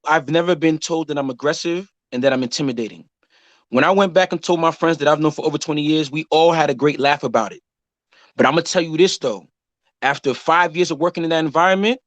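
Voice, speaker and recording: A man's voice: on the high side, dry recording. A man in his thirties co-hosting a casual chat show, telling stories and acting out the people he quotes. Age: 30s. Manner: animated storytelling, acts out quotes. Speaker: podcast co-host.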